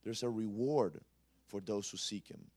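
A man's voice: on the low side, unhurried. Impassioned male preacher with big swings. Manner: impassioned, swinging from loud exclamations to soft asides; conversational, with frequent "you know". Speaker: pastor. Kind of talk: sermon. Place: church service.

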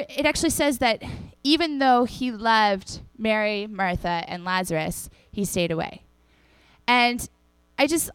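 A woman's voice: medium pitch, clean tone, no room sound. A young woman giving a casual, chatty sermon to a congregation, acting out the people in the stories as she tells them. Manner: chatty and animated, acts out the people in the story. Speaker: preacher.

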